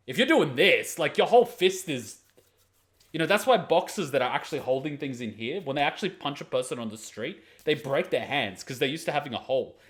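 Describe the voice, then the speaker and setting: A man hosting an anime reaction video, giving blunt, profane, mocking commentary on the fight. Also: medium pitch.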